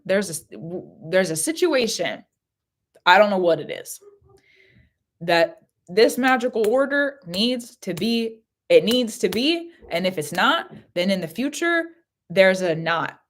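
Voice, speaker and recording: A woman giving a live psychic reading from home, intense and repetitive, breaking into bursts of laughter. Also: on the low side. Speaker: tarot reader. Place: home living room.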